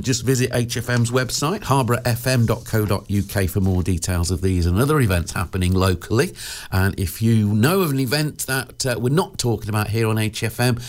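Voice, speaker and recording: A man presenting local radio, chatting casually with plenty of fillers and restarts. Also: fairly low pitch.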